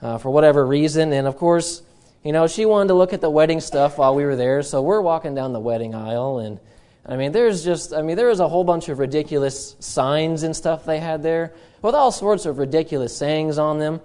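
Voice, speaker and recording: A man preaching in a relaxed, storytelling way, his voice sitting a little high yet sounding warm and mellow. He jokes at his own expense and keeps slipping in chatty asides as he builds toward his point. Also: a little fast, clear, resonant tone. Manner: chatty, self-mocking, many asides. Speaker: pastor. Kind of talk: humorous storytelling sermon.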